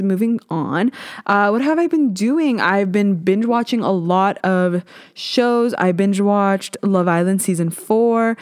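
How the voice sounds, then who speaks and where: A woman's voice: mid-range voice, darkish tone, smooth, no echo, clean studio sound. A young woman from Ontario hosting her own podcast, chatting candidly and mocking herself, with the odd swear word. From Ontario, Canada. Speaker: podcast host. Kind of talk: casual solo podcast chat.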